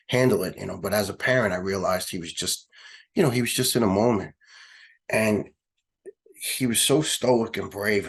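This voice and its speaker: A middle-aged man with a New York accent, a retired fire lieutenant telling a personal story in an interview, halting and emotional with many restarts. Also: fairly low pitch. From United States.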